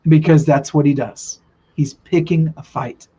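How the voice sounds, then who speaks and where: A man's voice: fairly high pitch, fairly even intonation, measured pace, dark tone, husky. A man earnestly telling a long spiritual story in casual podcast talk, rambling with many restarts. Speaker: guest telling a spiritual vision. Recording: dull lo-fi sound.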